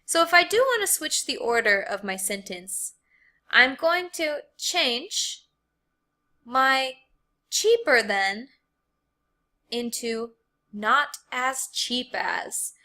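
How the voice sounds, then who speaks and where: An American woman teaching English grammar to learners. She speaks very slowly and deliberately, and she repeats key words so they sink in. Her voice is bright and a little high. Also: very animated. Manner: slow, careful explaining, repeating words for learners. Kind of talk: grammar lesson.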